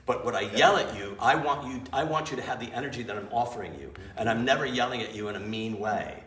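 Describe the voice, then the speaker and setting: A man, an improv teacher and director, telling animated, self-mocking stories in an interview. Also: mid-range voice, fast. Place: theater. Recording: roomy, distant mic with faint noise.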